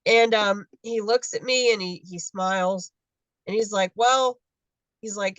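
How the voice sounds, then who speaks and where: A woman's voice: medium pitch, measured pace, no echo, muffled recording. A woman in her fifties telling her story casually on a video call, acting out the dialogue of people she met. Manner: animated, acts out dialogue in quotes. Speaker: guest adoptee.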